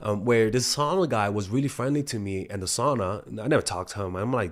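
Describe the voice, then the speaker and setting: A man's voice: on the low side, a little fast, hardly any pauses. A young man talking as a dating coach in a casual, rambling monologue, swearing freely and restarting his sentences often. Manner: rambling, profane, many restarts.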